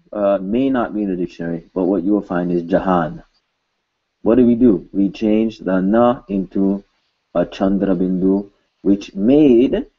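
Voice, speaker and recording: Man, language teacher, slow and patient, repeats words, joking asides, slightly dull recording. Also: fairly low pitch. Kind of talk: recorded video lesson.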